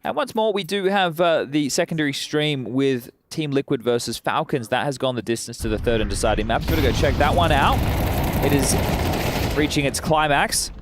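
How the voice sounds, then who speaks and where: A man giving measured, analytical color commentary on a live esports match, with frequent hesitations. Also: medium pitch, very noisy.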